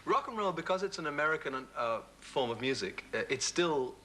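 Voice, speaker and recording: An Englishman in his forties chats as a guest on a TV talk show, laughing easily as he tells his stories. His voice is bright and a little high for a man, and it swings up and down with his enthusiasm. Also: a little fast, slight background noise. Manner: chatty, animated, laughs often. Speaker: singer, chat show guest. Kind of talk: casual TV chat.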